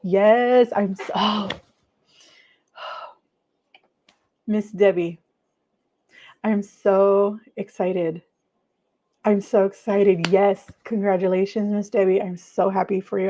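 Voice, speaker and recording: A woman hosting a casual livestream, chatting warmly with viewers, gushing and trailing off with many fillers. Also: medium pitch, fairly even intonation, slow pace, pauses often. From United States. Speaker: livestream host.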